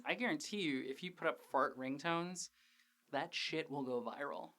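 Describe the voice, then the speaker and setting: Female host, lowish voice, casual profane episode recap with jokey asides. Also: moderate pace, a bit bright. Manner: chatty, profane, joking asides. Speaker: TV after-show host.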